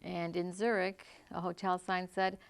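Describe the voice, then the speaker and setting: A woman co-hosting an educational talk, calm, giving brief answers and soft murmurs of agreement. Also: lowish voice, measured pace, clear, resonant tone. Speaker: co-host. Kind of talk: casual educational discussion.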